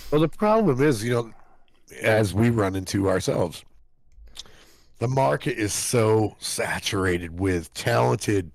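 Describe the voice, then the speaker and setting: A man's voice: lowish voice, animated, takes it slowly, vocal fry, no echo. A man co-hosting a podcast, chatting casually, swearing a lot and acting out voices as he tells stories. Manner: swearing, storytelling, mimics voices. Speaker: podcast co-host. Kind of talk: casual chat.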